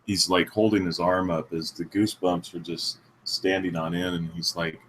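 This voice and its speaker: A man's voice: low voice, level tone, normal speed, few pauses, fairly bright tone, slight background noise, rough recording. A man playing a tabletop game, casually describing what his character does. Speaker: player.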